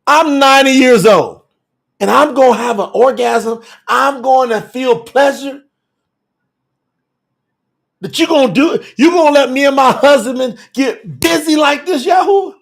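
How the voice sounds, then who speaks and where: A man's voice: very high voice, measured pace, gravelly, voice pushed up, heavily acted. A man voicing an incredulous, giddy ninety-year-old woman who teases and can hardly believe her luck, in a bible-teaching livestream. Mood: giddy disbelief. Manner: giddy, teasing, disbelieving.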